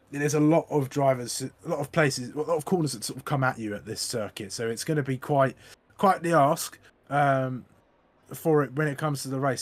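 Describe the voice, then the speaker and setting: A man as co-commentator on a sim race, giving loose analysis with many restarts. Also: mid-range voice. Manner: rambling analyst talk with hesitant restarts.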